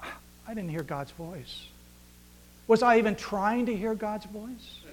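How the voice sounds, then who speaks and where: A man preaching a sermon as pastor, swinging between loud emphasis and near-whispered hushes, acting out dialogue and asking rhetorical questions. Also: high voice, animated, slow pace.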